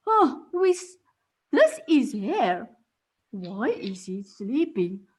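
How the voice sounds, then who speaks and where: A woman voicing a humble, determined male tortoise in a storybook tale, slow and hushed. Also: fairly high pitch, big pitch swings, slightly rough, exaggerated voice. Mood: curious, sly.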